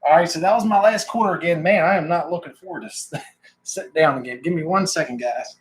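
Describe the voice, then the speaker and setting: A man's voice: a little high, quick pace, low-quality recording. A man hosting a live stream, a little out of breath, chatting casually with viewers, greeting them by name and laughing often.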